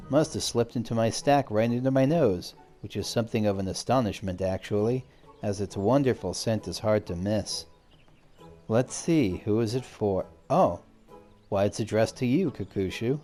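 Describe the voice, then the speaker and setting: A man's voice: lowish voice, normal speed, mellow, faint music behind, close to an everyday voice. A man voicing a polite, fussy little moogle courier while reading game dialogue aloud. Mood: chirpy.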